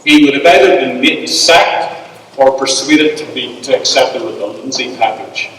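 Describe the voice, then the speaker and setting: Preacher in an echoey hall. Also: male voice, medium pitch, fairly bright tone, slight background noise. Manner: measured, emphatic preaching with pauses. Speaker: pastor. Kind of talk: sermon. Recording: echoey hall, speaker far from mic.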